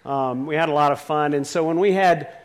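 A man talking casually to a live audience, halting with many fillers and restarts. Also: a little high, big-room sound. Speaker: speaker addressing an audience.

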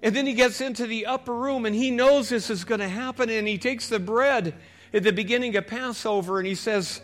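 Bright high-voiced male pastor preaching. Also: fairly quick, soft background music. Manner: storytelling, swings from loud calls to hushed prayer. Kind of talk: sermon.

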